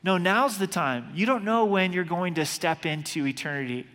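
A man's voice: sits high, lively intonation, normal speed, a bit bright, in a large hall. A man preaching a sermon as pastor, earnest and urgent, often restarting his words. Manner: earnest, urgent preaching with repeated word starts.

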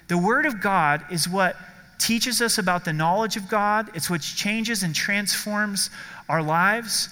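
A man preaches a sermon to his congregation, earnest and emphatic, leaning on repeated phrases. His voice sits high and sounds bright and forceful. The sound rings with the long reverb of a church sanctuary. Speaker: pastor.

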